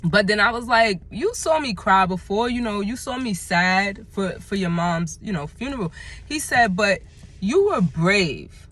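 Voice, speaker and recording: A woman talking candidly in a personal vlog, halting and reflective, emotional as she searches for words. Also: mid-range voice, lively intonation, fairly bright tone. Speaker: vlogger.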